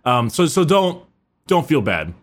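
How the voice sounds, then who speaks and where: A man's voice: on the high side, sing-song, a little slow. A man with a sore throat chatting casually and quizzing his co-host. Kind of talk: casual chat.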